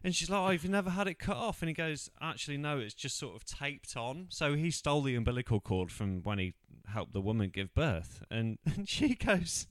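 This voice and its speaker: A man in casual podcast chat, retelling film scenes with quick put-on voices. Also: medium pitch, expressive, no room sound, clean studio sound. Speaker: podcast co-host.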